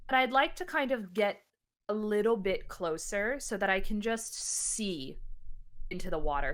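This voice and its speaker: A woman's voice: medium pitch, a bit bright. A woman player chatting playfully while narrating her character in a tabletop game. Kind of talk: tabletop role-play.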